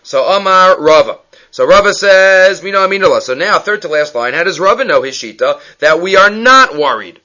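At normal speed, a lively Talmud teacher leads a text-study lecture with a bright, forceful tone and a slightly high pitch. He plays out the characters in the stories he tells and keeps asking the listener "right?"

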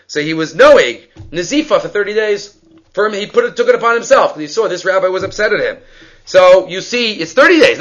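A man teaching a Talmud lesson, reading Aramaic and Hebrew aloud and explaining it in quick English, acting out each exchange. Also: high-pitched, dull audio. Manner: animated, acts out dialogue with rising voice. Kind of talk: lively Talmud lecture.

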